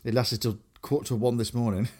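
A man's voice: mid-range voice, little pitch movement, brisk, dark tone, breathy edge. A young man from Grimsby, England, co-hosting a casual chat, rambling with lots of fillers and restarts. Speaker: podcast co-host.

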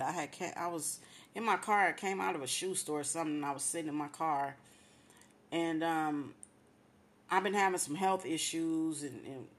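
Emotional woman radio host giving testimony. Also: deep voice. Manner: heartfelt, religious, repeats praise phrases. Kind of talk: emotional personal testimony on air.

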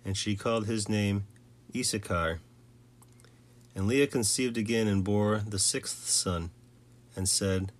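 A man reading scripture aloud in a measured way, with occasional slips and restarts. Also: on the low side, steady tone. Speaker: scripture reader.

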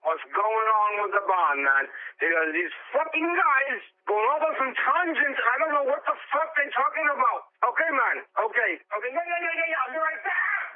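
A man's voice: extremely high pitch, expressive, normal speed. A man playing an agitated caller who rants and swears on a voicemail, repeating "man" often. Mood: furious. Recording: tinny phone-line voicemail.

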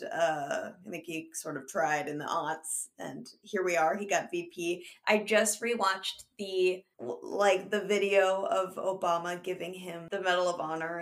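A woman's voice: fairly low pitch, fairly bright tone. A young woman from the United States co-hosting a podcast in casual chat, bubbly and gushing, with lots of likes and laughs. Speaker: podcast co-host.

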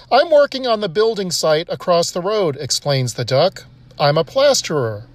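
A man's voice: normal speed, no room sound. A man reading a scripted joke and short essay, lifting his voice for the characters' lines. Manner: steady storytelling, voicing characters with raised pitch.

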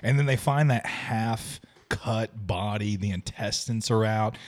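A man co-hosting a casual movie review podcast, excitable and full of fillers and laughs. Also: lowish voice, measured pace. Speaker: podcast co-host.

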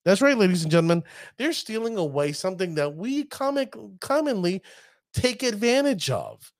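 A man's voice: high-pitched, very animated, moderate pace, no room sound, clean studio sound. Chatty man breaking down a card deck. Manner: chatty, addresses viewers as ladies and gentlemen. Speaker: card game deck analyst. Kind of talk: casual commentary.

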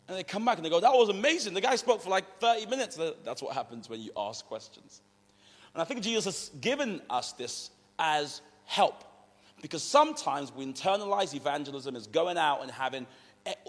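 A man giving a conversational sermon from England, telling animated stories and acting out what people said. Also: mid-range voice. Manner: conversational, animated storytelling, acts out quotes. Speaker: preacher. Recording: long reverb of a large hall.

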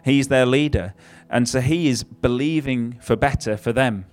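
Conversational preacher, wry asides. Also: male voice, medium pitch, normal speed. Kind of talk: sermon.

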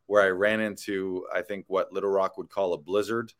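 Canadian guy w/ a lowish voice, chatty podcast host, rambles with lots of ums and uhs. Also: flat delivery, normal speed. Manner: rambling storyteller, many fillers. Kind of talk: casual chat.

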